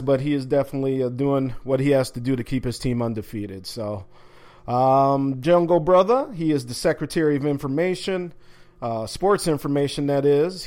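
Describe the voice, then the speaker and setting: A man's voice: mid-range voice, a little mellow. A man hosting a sports talk podcast from an office, talking casually with plenty of fillers and restarts. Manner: laid-back, chatty, many fillers and restarts. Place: home office.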